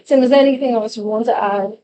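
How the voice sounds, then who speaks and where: Woman moderator, slightly high voice, probing, affirming panel style. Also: fast talker, dark tone, dull audio. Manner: probing, many backchannels. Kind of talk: conversational panel discussion.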